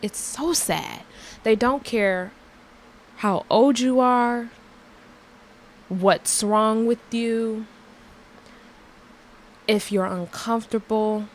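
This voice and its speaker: A young woman hosts a casual podcast and rants through a personal story, candid and emphatic, leaning on fillers. She takes her time, speaking at an unhurried, drawn-out pace. A faint hum of room ambience sits under her voice. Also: on the high side, low-quality recording. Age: young adult. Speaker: podcast host.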